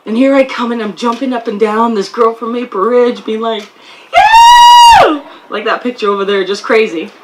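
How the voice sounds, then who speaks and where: A woman's voice: on the high side, fairly even intonation, a little fast, few pauses, very noisy. A woman from Canada giving a heartfelt, storytelling speech at an outdoor field ceremony. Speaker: guest speaker.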